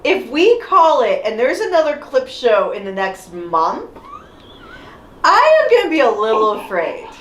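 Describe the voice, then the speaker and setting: A woman co-hosting a casual podcast chat, lively and wry. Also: on the high side, a little slow, roomy sound, slight background noise. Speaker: podcast co-host.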